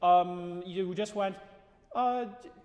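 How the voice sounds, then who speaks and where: A man coaching a singer in a live masterclass, casual and animated, breaking into sung phrases to show what he means. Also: sits high, slow pace. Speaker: voice teacher leading a masterclass. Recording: roomy hall reverb.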